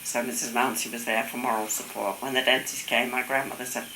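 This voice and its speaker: A woman's voice: extremely low pitch, little pitch movement, fast, roomy sound, background noise. Older woman laughing through family tales. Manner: amused, laughs often, mimics relatives' voices. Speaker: interviewee recalling family stories. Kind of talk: casual family storytelling.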